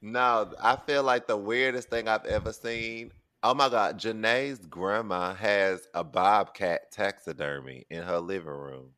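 Low-voiced man hosting a casual chat. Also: measured pace, hardly any pauses. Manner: relaxed storyteller, asks playful questions. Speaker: podcast host.

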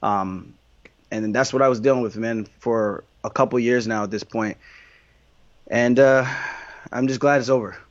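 A man's voice: medium pitch, steady tone, normal speed, pauses often, no room sound, lo-fi sound. A man being interviewed about his fighting career, answering in a candid, rambling way with lots of restarts.

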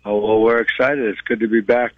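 A man with a Boston accent calling in by cell phone from a moving tour bus, talking in a relaxed way with many fillers. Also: lowish voice, brisk, dry recording. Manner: relaxed, filler-heavy, says "you know" a lot. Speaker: guest musician calling in. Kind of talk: phone interview. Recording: dull cell phone line.

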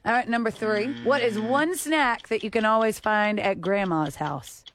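A woman's voice: fairly high pitch, moderate pace, a bit bright, a little hiss or hum. A woman hosting a morning radio game segment, bubbly and encouraging, laughing often. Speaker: radio show host.

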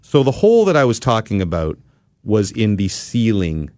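Lively low-voiced man telling a story. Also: normal speed, no room sound. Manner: animated storyteller, laughs often, jumps into silly accents. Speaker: podcast host. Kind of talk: casual chat, storytelling.

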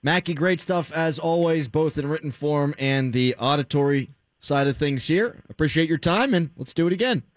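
A man's voice: on the high side, moderate pace, dry recording. A man with a Pittsburgh accent hosting sports talk radio, riffing in a jokey, ranting way from a studio mic. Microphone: studio microphone.

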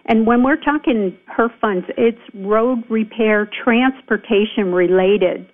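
A woman's voice: fairly high pitch, slow pace. A woman county supervisor calling in to a radio show, speaking emphatically and with indignation, with frequent fillers. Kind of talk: radio call-in interview. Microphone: telephone. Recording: phone line.

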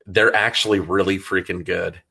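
Enthusiastic male podcast host, low voice, casual chat. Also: steady tone, creaky, sharp tone, breathy edge. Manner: enthusiastic, quick-talking.

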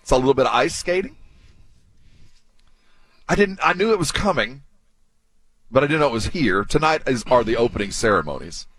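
A man's voice: medium pitch, big pitch swings, a little fast, long pauses, a bit bright, no room sound. A man co-hosting a sports radio show, joking and teasing in casual chat.

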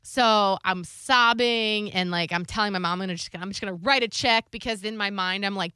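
A woman talks candidly on a podcast, with a bright, crisp tone. She tells confessional stories and acts out the people in them. The recording is close and dry, with no room sound. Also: medium pitch, fairly quick, hardly any pauses, no room sound. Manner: open, confessional storytelling with lively quoted voices. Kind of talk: candid casual chat.

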